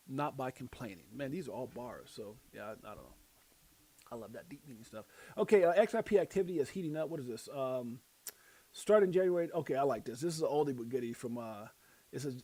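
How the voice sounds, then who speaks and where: A man's voice: mid-range voice, animated, quick pace, dark tone, breathy edge. A man hosting a casual live stream, rambling and self-deprecating, using slang as he reads quotes and headlines. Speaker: livestream host.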